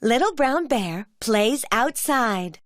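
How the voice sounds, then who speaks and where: A woman telling a children's cartoon story as narrator, in a gentle storybook manner. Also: a little high, expressive, slow pace.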